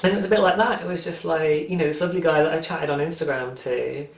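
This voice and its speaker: A man's voice: fairly high pitch, steady tone, fast, vocal fry. A British man hosting a craft podcast in casual, enthusiastic chat, with frequent ums. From Britain. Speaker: podcast host. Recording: roomy echo.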